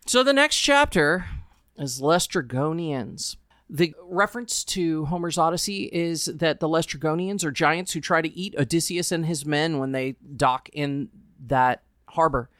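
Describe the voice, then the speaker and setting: A woman's voice: deep voice, measured pace, fairly bright tone, no room sound, studio quality. Chatty woman co-hosting a book podcast. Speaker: podcast co-host, journalist. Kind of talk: casual book discussion and reading aloud.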